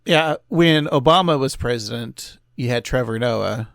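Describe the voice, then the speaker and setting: A man's voice: medium pitch, unhurried, creaky, a bit bright, no room sound, studio quality. A man co-hosting a podcast, chatting casually with jokey, laughing asides. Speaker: podcast co-host. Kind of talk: casual chat.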